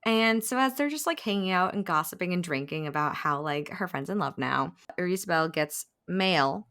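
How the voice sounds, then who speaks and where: Animated woman recapping a book. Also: on the low side, moderate pace. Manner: animated retelling, acting out quotes, frequent laughs. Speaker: podcast host. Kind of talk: casual book-recap chat.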